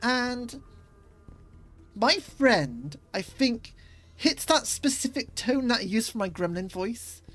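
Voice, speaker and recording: A woman's voice: on the high side, big pitch swings, takes it slowly, faint music behind. A woman streamer chatting casually as she plays, rambling a little with fillers. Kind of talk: casual gaming stream commentary.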